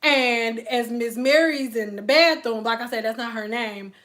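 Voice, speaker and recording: A young woman hair stylist casually telling a story to her viewers in an animated, chatty, slangy way. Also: fairly high pitch, moderate pace. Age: young adult.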